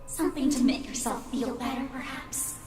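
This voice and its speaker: A woman's voice: high-pitched, lightly acted. A woman voicing a taunting female monster that mimics a friend's voice, mocking and cruel. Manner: mocking, cruel, drawn-out sneering. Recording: echoey hall, from far off, music behind.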